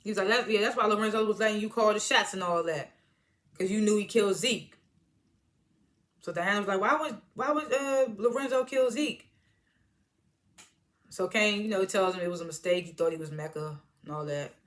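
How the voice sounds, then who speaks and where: A woman's voice: medium pitch, fairly even intonation, fast talker, fairly bright tone. A woman giving a casual episode recap, retelling scenes by quoting the characters in slangy talk and laughing often. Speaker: TV episode reviewer.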